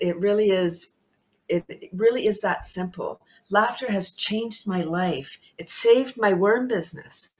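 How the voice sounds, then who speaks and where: A woman guest on a talk show, speaking with bubbly enthusiasm, laughing often and repeating herself for emphasis. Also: medium pitch.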